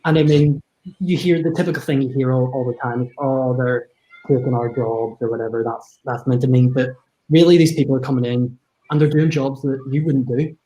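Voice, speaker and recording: Mellow-voiced Northern Irish young man. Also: mid-range voice, fairly quick, low-quality recording. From Northern Ireland. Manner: reflective, hesitant, with restarts. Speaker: guest. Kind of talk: casual discussion.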